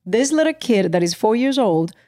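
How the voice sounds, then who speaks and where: A woman's voice: fairly high pitch, lively intonation, normal speed, dark tone. A woman co-hosting a podcast in casual chat, telling stories animatedly and laughing often, in a podcast room. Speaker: podcast co-host.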